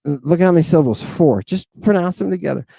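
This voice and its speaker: A man teaching a pronunciation lesson, breaking words into syllables, repeating them slowly and praising with delight. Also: on the high side, creaky, mellow, dry recording.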